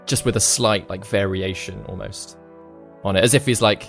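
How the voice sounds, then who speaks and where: A man narrating as game master in a relaxed, halting way with fillers. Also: on the low side, gravelly, faint music behind.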